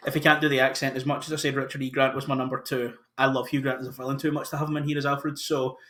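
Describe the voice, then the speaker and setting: A man's voice: mid-range voice, flat delivery, rapid-fire, fairly bright tone. A man hosting a casual podcast chat, talking enthusiastically about casting with frequent restarts. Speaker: podcast host.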